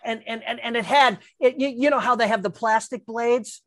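A woman's voice: fairly high pitch, normal speed, no room sound. Older woman guest, chatty storyteller, stumbles over words, dry close sound. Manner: lively, stammering restarts, acts out quotes. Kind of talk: casual anecdote.

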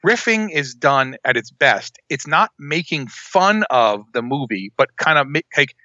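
A man co-hosting a podcast in casual chat, talking in a rambling, animated way and often breaking off and restarting. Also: mid-range voice, a little slow, no echo, muffled recording. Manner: rambling, animated, self-interrupting. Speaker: podcast co-host.

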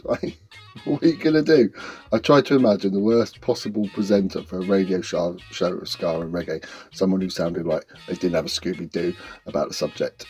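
A man's voice: fairly low pitch, husky. Rambling self-mocking man. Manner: deadpan, self-deprecating, rambling. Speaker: radio show host. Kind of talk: self-mocking comic monologue.

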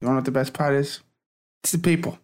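A man's voice: mid-range voice, steady tone, rapid-fire, a little mellow. A man in a comedy debate, arguing brashly and combatively for his side and calling people sweetheart. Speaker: debater for Boston.

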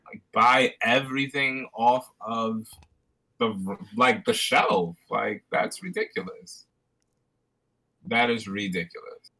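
A man co-hosting a podcast, telling a story in animated casual chat. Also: medium pitch, slow, gravelly, rough recording. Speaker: podcast co-host.

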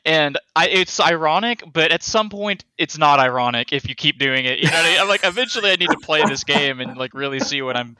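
Bright, crisp-voiced male podcast guest. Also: a little high, fast, few pauses, dry recording. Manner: self-deprecating, animated storytelling. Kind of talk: casual chat.

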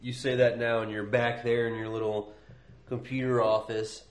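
A man's voice: mid-range voice, flat delivery, normal speed, noisy background. A man co-hosting a podcast, chatting casually, rambling and joking with frequent laughs. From Ohio. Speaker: podcast co-host. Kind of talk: casual chat. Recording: echoey room.

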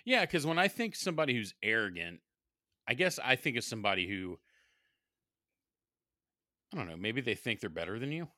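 A man with a bright, lively voice co-hosting a podcast. He laughs often and works through ideas out loud. The recording is dry and close. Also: medium pitch, moderate pace, long pauses, dry recording. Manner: animated, laughs a lot, thinks aloud. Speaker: podcast co-host. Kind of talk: casual chat.

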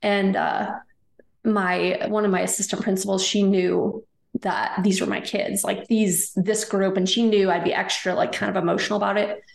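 A woman in her thirties recounts a personal story in a rambling, emotional way, her words strung together with "like" and "you know". Her voice has a gravelly fry to it and rings with room echo. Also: medium pitch, little pitch movement, moderate pace. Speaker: guest.

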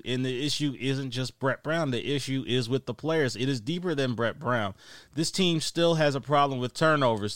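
A man's voice: mid-range voice, a bit bright, no room sound, clean studio sound. A man co-hosting a sports podcast, ranting emphatically with repeated points and rhetorical questions. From Philadelphia. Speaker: podcast co-host. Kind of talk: heated sports rant.

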